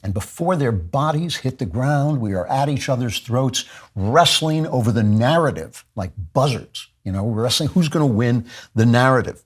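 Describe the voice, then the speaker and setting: A man hosts his podcast in a fervent, impassioned monologue, circling back on his phrases and restarting sentences as he presses his point. His voice is husky at a middle pitch. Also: expressive, moderate pace. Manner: fervent, repetitive, with frequent restarts. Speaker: podcast host.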